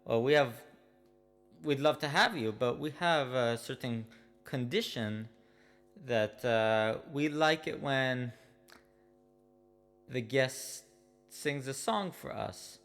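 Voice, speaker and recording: A man voicing a laid-back young male host who says "bro" a lot, slow and insistent about his house's tradition. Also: mid-range voice, fairly bright tone, faint music behind. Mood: easygoing. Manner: slangy, drawn-out, calls everyone bro.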